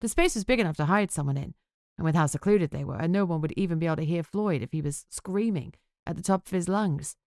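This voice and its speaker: A woman narrating a first-person audiobook with an expressive reading. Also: fairly low pitch, fast, no echo, studio quality.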